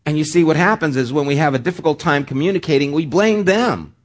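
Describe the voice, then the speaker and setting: A man's voice: fairly high pitch, fast. A man preaching a sermon as pastor, talking in a conversational way with joking asides.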